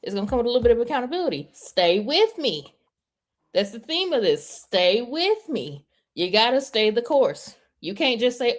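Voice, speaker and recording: A woman's voice: on the high side, sing-song, moderate pace. A woman guest on a video call giving a motivational talk, emphatic and repeating herself for effect. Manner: emphatic, repeats "okay?" and "stay with me". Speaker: guest speaker.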